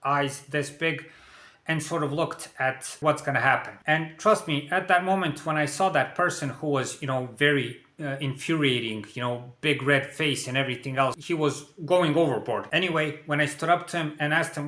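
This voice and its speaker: A man's voice: a little high, normal speed, pushed and bright. A man telling a personal story to camera in a plain, conversational way, often adding "you know". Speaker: vlogger. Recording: echoey room.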